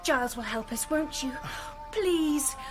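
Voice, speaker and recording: A woman's voice: high voice, animated, measured pace, music in the background. An actress playing Cathy, a bossy, eager young woman. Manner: bossy, coaxing. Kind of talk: audio drama acting.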